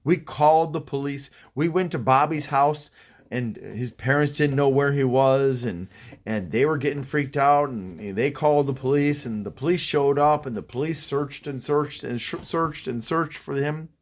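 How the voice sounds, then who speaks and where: A man telling a spooky childhood story, dropping to a hush and rising to frantic cries. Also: mid-range voice, moderate pace. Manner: hushed, swinging to frantic cries. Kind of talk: spoken horror story.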